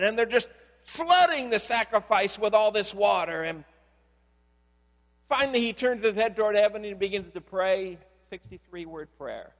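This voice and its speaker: A male pastor preaches with lively, conversational storytelling, his voice pitched notably high. Every phrase rings out into a long-echoing hall, as from a church sanctuary. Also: normal speed. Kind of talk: sermon.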